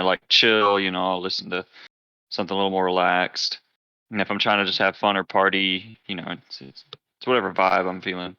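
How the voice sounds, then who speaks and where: A man with a low, bright voice chats bluntly on a podcast, swearing freely and laughing a lot. The sound is dry and close. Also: smooth, no echo, dull audio. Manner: blunt, profane, laughs often. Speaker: podcast co-host. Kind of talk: casual chat.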